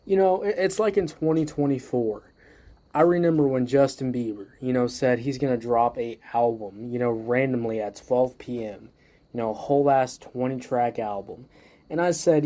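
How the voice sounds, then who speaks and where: A man's voice: medium pitch, normal speed, mellow. A man hosting a music review show, ranting heatedly and swearing constantly while he judges a song. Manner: heated, swears constantly, leans on "you know".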